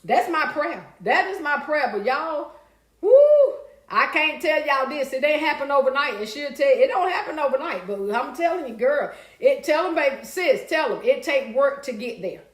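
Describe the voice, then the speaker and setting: A woman's voice: high voice, animated, normal speed, hardly any pauses, fairly bright tone, reverberant. A woman hosting a casual live stream. She reads out viewer comments, talks back to them, and now and then breaks into song and laughter. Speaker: livestream host reading viewer comments.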